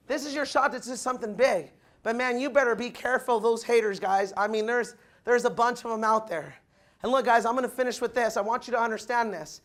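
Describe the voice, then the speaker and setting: A man giving a loud, punchy motivational speech to new recruits, asking the crowd if they follow him, with the audience answering back. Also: very high voice, a little hiss or hum. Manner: acts out quoted people in changed voices. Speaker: motivational speaker at recruit orientation. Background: audience responding.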